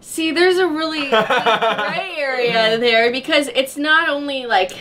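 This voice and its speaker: A woman's voice: high-pitched, takes it slowly, a crowd in the background. A young woman giggling and teasing her way through a casual spicy-food question game. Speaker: guest in a challenge video. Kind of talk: casual chat.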